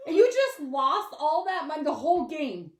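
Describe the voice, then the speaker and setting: A woman with a high voice chats casually as a podcast co-host. She tells stories with animation and acts out the people she quotes. The room around her is echoey. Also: very animated, normal speed, darkish tone. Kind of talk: casual chat. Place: warm indoor room. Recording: roomy echo.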